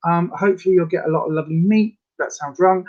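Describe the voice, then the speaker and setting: A woman's voice: on the low side, fast talker. Chatty woman on a muffled stream. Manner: chatty, reads out viewer comments. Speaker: livestream host. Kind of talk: casual chat while doing makeup. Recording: slightly dull lo-fi livestream audio.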